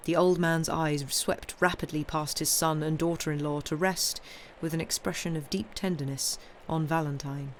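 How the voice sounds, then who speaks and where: A woman reading a classic novel aloud on a live stream, with measured, steady narration. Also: sits low, slight background noise. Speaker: reader.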